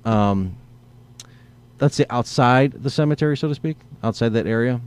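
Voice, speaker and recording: A man's voice: medium pitch, moderate pace, a little mellow, clean tone. A man in casual conversation, telling a rambling story and acting out his own inner dialogue. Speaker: guest.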